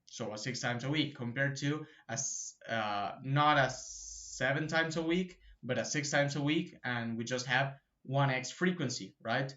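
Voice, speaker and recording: A man's voice: mid-range voice, a little slow, few pauses, bright, forceful tone, lo-fi sound. A man hosting a fitness channel, explaining training in a loose, profane way with lots of fillers and "right?" tags. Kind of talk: casual explainer talk to camera.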